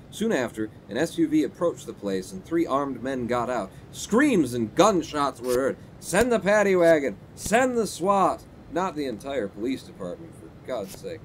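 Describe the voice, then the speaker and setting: Animated, sarcastic male game streamer. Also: medium pitch, slight background noise. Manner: animated, sarcastic, talks to chat. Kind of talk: live gameplay commentary, reading game text aloud.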